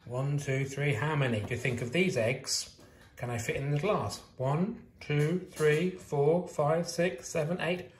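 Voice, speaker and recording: A man teacher asking young children maths quiz questions in a slow, sing-song way. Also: a little high, steady tone, a little hiss or hum. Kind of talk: early years maths quiz video. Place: home kitchen. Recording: roomy echo.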